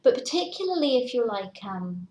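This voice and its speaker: This tarot reader's voice runs fairly high and darkish, very animated at a moderate pace. She keeps the reading casual and chatty, slipping into whispers to play out worries, in an echoey room with slight hiss.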